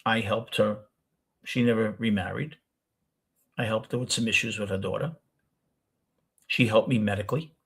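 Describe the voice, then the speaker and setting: A man's voice: lowish voice, fairly even intonation, moderate pace, gravelly, long pauses, fairly bright tone, breathy edge. An older man with a New York accent, telling a rambling personal story as the host of a casual talk show. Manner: rambling, self-correcting storyteller.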